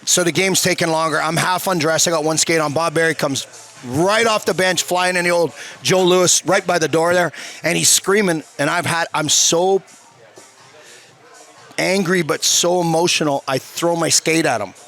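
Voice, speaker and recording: Brief: ex-player in his fifties, salty storyteller, bright forceful voice, sits a bit high. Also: moderate pace, faint music behind. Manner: animated, swears a lot, acts out quotes. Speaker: former hockey player, guest. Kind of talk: profane storytelling in a casual interview. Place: bar.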